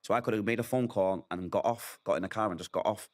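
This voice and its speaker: He is a middle-aged man with a fairly low, a little mellow voice, and he talks fast. In an interview, he tells his hard story openly and with emotion, acting out people's words vividly.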